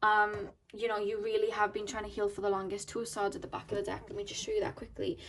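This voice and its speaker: Woman doing a tarot reading, earnest, talks in a flowing way, medium pitch. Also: monotone, fast talker, background noise. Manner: earnest, flowing, thinks aloud. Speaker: tarot card reader. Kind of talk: intuitive tarot reading to camera.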